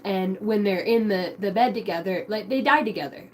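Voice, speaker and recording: A woman's voice: medium pitch, moderate pace, darkish tone, slight background noise, rough recording. A young woman giving a spiritual card reading, emotional and rambling, swearing casually. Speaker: tarot card reader.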